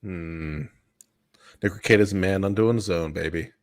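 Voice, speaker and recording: Low-voiced playful man. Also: normal speed. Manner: playful, drawling asides like "baby". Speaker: co-host reading super chats. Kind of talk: casual livestream chat.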